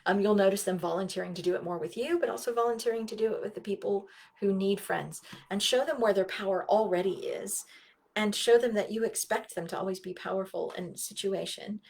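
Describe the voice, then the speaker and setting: A woman giving a live-streamed talk to parents, in a middle-range voice. She speaks earnestly and often acts out the back-and-forth of talks with kids. Her voice sometimes drops to soft, near-whispered asides. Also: medium pitch, brisk, gravelly.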